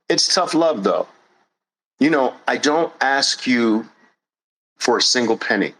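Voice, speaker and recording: A man hosting a show, giving a blunt, forceful monologue with swearing for emphasis. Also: medium pitch, expressive, slow, poor audio. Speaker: host. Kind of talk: impassioned monologue.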